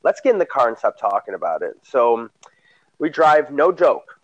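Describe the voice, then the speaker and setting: A man casually telling a story, animated, acting out what people said with sudden loud, high bursts. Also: normal speed, dull audio.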